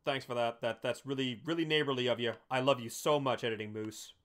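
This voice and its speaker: A man's voice: mid-range voice, steady tone, a little fast, a bit bright. A man hosting a let's play, giving casual commentary in a playful, bragging way with some swearing.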